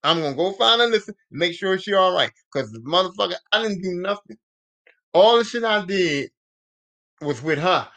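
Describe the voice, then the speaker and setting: A man voicing a frightened, lovesick teenage boy who talks slowly and stammers. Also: sits high, a bit bright. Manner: anxious, slow and stammering.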